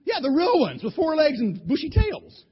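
A man's voice: very high voice, wildly swooping pitch, moderate pace. A man preaching, retelling a Bible story in a folksy, colloquial way with many restarts, on a dull lo-fi recording. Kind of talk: animated Bible storytelling sermon.

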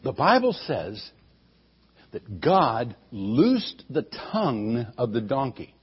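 A man's voice: mid-range voice, very animated, slow, husky, muffled recording. A man telling a Bible story to children in a playful way, asking the listeners questions. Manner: asks the audience questions, playful.

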